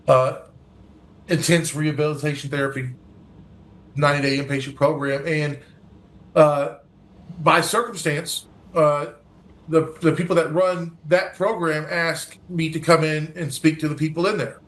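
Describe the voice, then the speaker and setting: Man, interview guest, earnest storyteller, slightly high pitch, acts out dialogue. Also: little pitch movement, moderate pace, a bit bright. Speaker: guest, recovery organization leader.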